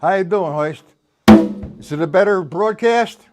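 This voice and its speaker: Speaking over music at a measured pace, a high-voiced man teaches drums on a live stream. He's exhausted from staying up all night, so he rambles loosely, counting beats aloud as the drum kit plays.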